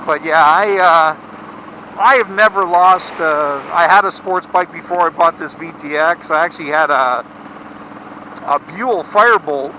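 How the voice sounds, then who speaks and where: A man's voice: fairly high pitch, unhurried, sharp tone, a little hiss or hum, rough recording. A Canadian man chatting casually outdoors for his motorcycle vlog, rambling with lots of fillers and restarts. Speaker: motorcycle vlogger.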